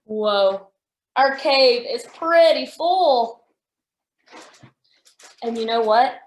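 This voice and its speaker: A woman's voice: fairly high pitch, lively intonation, drawn-out words. A young woman reading a picture book aloud to small children, wonder-filled and full of gasps, and then showing toy animals. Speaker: children's story time reader. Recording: echoey room.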